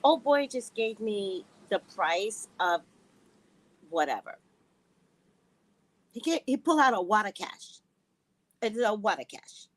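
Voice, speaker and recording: A woman vlogger casually telling a personal story to her viewers, animated and quick to laugh, with frequent asides to her audience. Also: medium pitch. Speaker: spiritual reader and vlogger.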